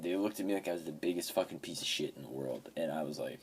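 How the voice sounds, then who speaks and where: A man's voice: a bass voice, quick pace, a little hiss or hum. A man in his fifties casually talking about his video game pickups, swearing often and telling rambling stories. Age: 50s. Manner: profane, rambling storyteller. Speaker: game collector.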